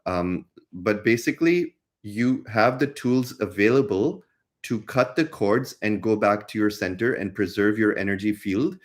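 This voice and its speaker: A man's voice: on the low side, lively intonation, a little slow. A man co-hosting a casual spiritual talk, earnest and explanatory, repeating phrases for emphasis. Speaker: spiritual teacher and co-host.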